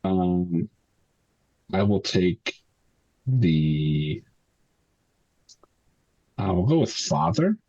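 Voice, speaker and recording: Very deep, slow-talking man. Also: sing-song, warm tone, highs cut off. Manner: slow, hesitant, with fillers. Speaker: player. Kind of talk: tabletop game play.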